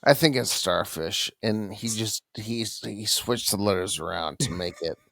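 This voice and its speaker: A man's voice: lowish voice, measured pace, vocal fry, fairly bright tone, dry recording, studio quality. A man co-hosting a podcast, joking in a laid-back, hesitant way. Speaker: podcast co-host. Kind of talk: casual chat.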